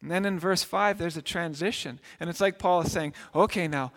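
A middle-aged male pastor gives a conversational sermon in a high voice. He acts out small scenes as he goes. His voice rings out with a long hall reverb. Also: brisk. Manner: conversational preaching with acted asides.

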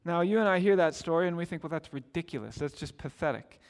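A man's voice: on the high side, lively intonation, fast talker, long reverb tail. A middle-aged man preaching a sermon, telling stories in a conversational way and acting out the quotes. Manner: storytelling, conversational with acted quotes. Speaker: pastor.

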